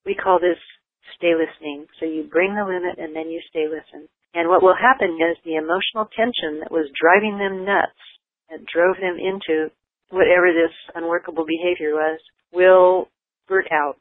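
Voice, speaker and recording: An older voice explains child behavior in a calm, patient, unhurried way, slipping in "you know" between steady points. The sound is thin and narrow, like a radio call coming down a phone line. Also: medium pitch. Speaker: parenting educator. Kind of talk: explanatory talk on parenting.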